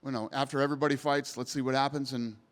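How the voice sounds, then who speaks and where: A man's voice: medium pitch, steady tone, fast talker. A man answering reporters at a press scrum, blunt and emphatic, swearing casually. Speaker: promotion CEO at media scrum. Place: post-event press area. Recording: long hall reverb.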